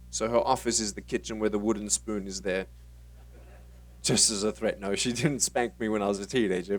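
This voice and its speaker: A motivational speaker at a conference, telling his own story in an animated way and acting out the dialogue. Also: medium pitch, distant mic. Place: conference stage.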